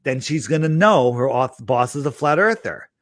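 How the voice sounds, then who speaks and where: A man chatting in a casual interview, telling animated stories, acting out the dialogue and rambling with many restarts. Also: mid-range voice, normal speed, dry recording, clean studio sound. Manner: animated storyteller, acts out quoted dialogue. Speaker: interview guest promoting his app.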